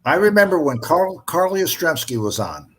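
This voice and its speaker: A man in a casual group chat, telling stories in a measured, mock-formal way. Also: fairly high pitch, big pitch swings, fairly bright tone, slight background noise.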